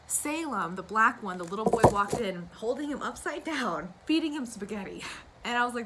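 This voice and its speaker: A woman's voice: mid-range voice, brisk, pushed and bright, slight background noise, poor audio. A young woman chatting casually to camera about her cross-stitch, gushing and wandering into asides. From United States.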